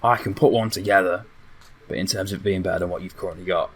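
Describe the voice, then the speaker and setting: A man voicing an old male dwarf blacksmith with a sooty beard, talking slowly and trailing off in a tabletop role-play. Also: low voice, steady tone, a little hiss or hum. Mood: gruff.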